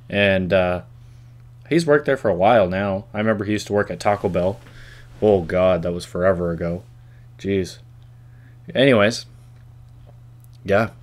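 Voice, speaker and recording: A young man with a lowish voice rambles through a casual vlog monologue. He drifts between thoughts and jokes with himself as he goes. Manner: rambling, self-talking, jokey. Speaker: vlog host.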